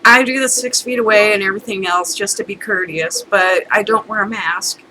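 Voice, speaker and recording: A woman's voice: mid-range voice, moderate pace, noisy background. A middle-aged woman telling a rambling, chatty story in a casual rant, breaking into laughter now and then. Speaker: vlogger.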